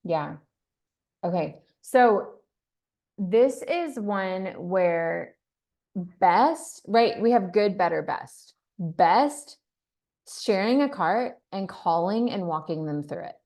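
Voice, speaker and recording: A woman's voice: medium pitch, expressive, very slow, darkish tone. A woman from Texas leading a team training, talking in an upbeat, chatty way and acting out sample scripts. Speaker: team leader. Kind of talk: training talk.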